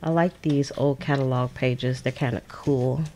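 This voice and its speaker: A low-pitched woman chats away as she crafts at her desk. Her talk is loose and playful, and she often laughs and answers viewers. A faint hiss sits under the recording. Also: steady tone, unhurried, mellow. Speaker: crafting channel host. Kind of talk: casual crafting livestream chat.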